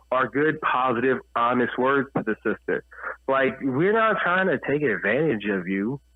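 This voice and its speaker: A man's voice: medium pitch, no room sound. A man hosting a casual podcast, rambling through heated, profane opinions over a tinny phone-like line. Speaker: host.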